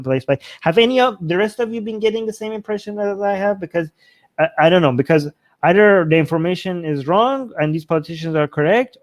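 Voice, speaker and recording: A man with a high voice hosts a show and chats casually with his live audience. He rambles and circles back to repeat his points. His voice is dry and close, with no room sound. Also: no room sound. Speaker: show host.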